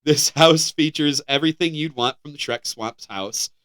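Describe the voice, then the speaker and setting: Bright, clear American man reading headlines. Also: fairly high pitch, moderate pace. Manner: animated, laughing, stumbling restarts while reading. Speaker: podcast co-host. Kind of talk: casual podcast chat, reading headlines.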